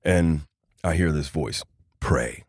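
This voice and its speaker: A man telling a personal story on a podcast with lively energy, acting out the people in it. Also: sits low, normal speed, dry recording, clean studio sound. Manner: animated storyteller acting out quoted voices. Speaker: podcast guest. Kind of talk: casual storytelling.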